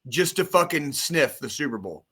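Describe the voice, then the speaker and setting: A man co-hosting a casual podcast, ranting about football in a profane, excitable, rambling way. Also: a little high, normal speed, breathy edge. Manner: profane, excitable, rambling sports-fan rant. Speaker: podcast co-host. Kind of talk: casual chat.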